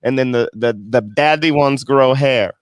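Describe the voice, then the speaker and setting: A man's voice: mid-range voice, moderate pace, smooth, dry recording. A man co-hosting a casual livestream chat, reading viewer comments aloud with loose, profane banter and frequent stumbles. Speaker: co-host.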